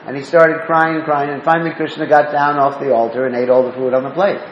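In this devotional talk, a spiritual teacher asks listeners questions and tells stories in a flat, slightly high voice at a quick pace. The sound is lo-fi, dull and roomy, with faint ambience and slight background noise.

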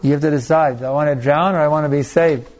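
A man's voice: on the high side, fairly even intonation, fast talker, darkish tone. A man as a spiritual teacher telling stories and answering audience questions, with many restarts and laughs. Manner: storytelling with frequent restarts and laughs.

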